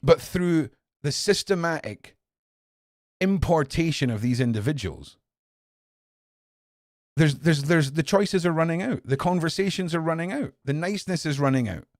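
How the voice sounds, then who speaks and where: A podcast host in his forties delivers an angry, profanity-laced opinion monologue, swinging between low muttering and loud outbursts. He is animated and speaks at a normal speed, and the studio-quality recording has no room sound.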